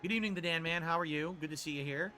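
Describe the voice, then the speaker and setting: A man's voice: a little high, very fast. A man livestreaming a mobile game, energetically explaining the gameplay to his chat. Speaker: streamer. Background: music.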